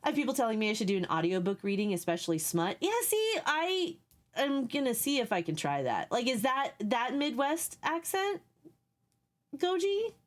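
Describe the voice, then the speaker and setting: A woman with a youthful voice and a Texan Southern accent, chatting candidly with stream viewers from a home setup, swearing freely and throwing in quick asides. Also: fairly high pitch, big pitch swings. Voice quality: youthful-sounding voice. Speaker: livestreamer. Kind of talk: casual chat with stream viewers.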